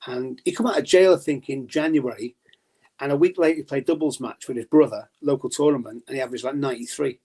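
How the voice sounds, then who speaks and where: A man's voice: mid-range voice, fast talker, warm tone, breathy edge. A man as a podcast guest in casual chat, telling stories chattily, swearing and laughing often.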